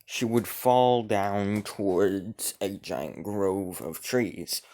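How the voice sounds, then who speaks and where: A man's voice: on the low side, drawn-out words, mellow. A man improvising a fantasy story in casual narration, rambling, with frequent restarts and self-corrections.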